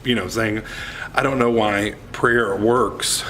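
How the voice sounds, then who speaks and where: A man's voice: on the low side, steady tone, slow pace, a bit bright, slight background noise. Candid, rambling youth minister man. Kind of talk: casual vlog reflection.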